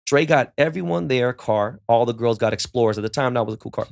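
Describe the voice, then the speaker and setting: A man's voice: mid-range voice, quick pace, vocal fry. A middle-aged man, a podcast guest telling laid-back, profane stories and acting out the dialogue in them. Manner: profane, laid-back storyteller who acts out quoted dialogue. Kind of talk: casual storytelling in a podcast interview.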